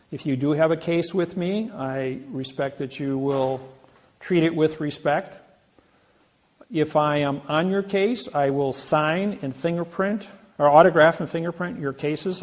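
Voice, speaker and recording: Gravelly, boastful man telling stories. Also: on the high side. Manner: boastful, rambling with frequent restarts. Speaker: self-described sovereign legal advocate. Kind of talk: casual anecdotal storytelling.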